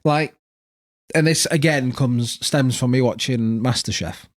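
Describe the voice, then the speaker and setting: A man's voice: medium pitch, unhurried, no room sound, clean studio sound. A man co-hosting a podcast, teasing and joking crudely in casual banter. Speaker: podcast co-host.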